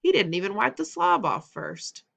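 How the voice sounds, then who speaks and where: A woman narrating a children's novel as an expressive audiobook reader. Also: fairly high pitch, normal speed, gravelly.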